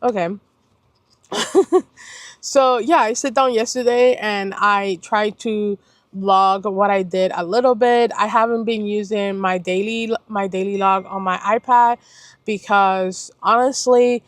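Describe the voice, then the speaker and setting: A woman's voice: mid-range voice, fairly even intonation, slow pace, no room sound. Chatty young woman from Puerto Rico. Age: young adult. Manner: chatty, rambling, self-correcting and apologetic. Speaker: planner vlogger. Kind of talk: casual chat.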